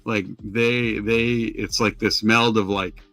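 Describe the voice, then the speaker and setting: A man's voice: lowish voice, flat delivery, slow, pushed and bright, dry recording. A man co-hosting a podcast in casual chat, rambling with many restarts and fillers. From Maine. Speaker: podcast co-host.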